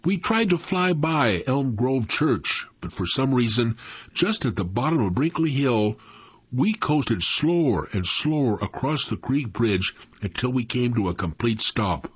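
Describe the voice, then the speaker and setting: A man tells a first-person story with lively, dramatic expression and a rising and falling pitch. His voice is husky and the recording is dry and dull, with a lo-fi sound. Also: a little slow, no echo.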